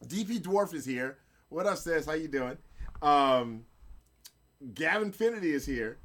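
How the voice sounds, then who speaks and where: A middle-aged man hosting a casual live-streamed gaming and photography show, playful and laughing, giving hyped shout-outs to his chat and guests. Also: a little high.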